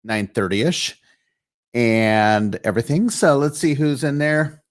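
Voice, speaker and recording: A man with a medium-pitched voice and lively intonation speaks slowly while hosting a live online show. His casual live-stream commentary rambles chattily, full of fillers and restarts.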